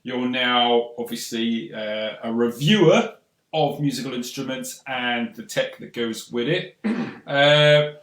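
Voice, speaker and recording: Gravelly male host with a roomy echo. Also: mid-range voice, slow, fairly bright tone. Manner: upbeat, inviting the audience to join in. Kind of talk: live show presenting.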